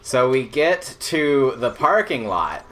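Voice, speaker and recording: A man's voice: medium pitch, sing-song, slow, a bit bright. A young man casually telling a personal story, rambling with lots of fillers and laughing as he goes. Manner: rambling, filler-heavy, laughs through the tale.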